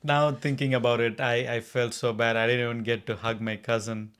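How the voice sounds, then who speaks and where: A man co-hosts a podcast and tells a travel story with growing excitement, often restarting his sentences as he goes. His voice sits at an ordinary middle pitch for a man. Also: a little fast, clean tone. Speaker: podcast co-host. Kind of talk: casual storytelling chat.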